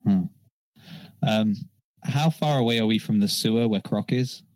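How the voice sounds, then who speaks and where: Low-voiced man scheming as a player. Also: normal speed, darkish tone, dry recording, poor audio. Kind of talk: casual tabletop game play.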